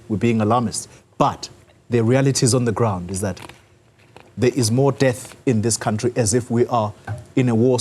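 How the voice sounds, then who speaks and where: A man anchoring a news interview, asking probing, measured questions. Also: lowish voice, a little mellow, slight background noise. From South Africa.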